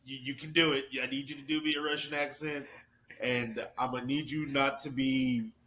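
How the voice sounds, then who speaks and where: A male podcast co-host chats casually about video games, rambling and joking with plenty of swearing. His mid-range voice holds a level tone at a moderate pace, sounding pushed and bright, with a little hiss or hum.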